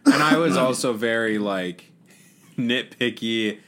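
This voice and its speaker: A young man in casual podcast chat with an ordinary, mid-range voice. He chuckles often and makes fun of his own attempts. His swearing is offhand and relaxed. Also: mid-range voice, slow pace. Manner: chuckling, swearing, self-deprecating. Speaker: podcast co-host.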